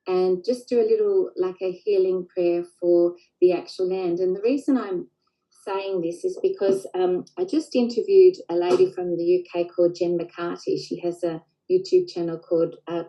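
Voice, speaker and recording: A woman leading a group in a slow, gentle healing prayer, pausing often with fillers. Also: on the low side, poor audio. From Australia. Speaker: spiritual group leader.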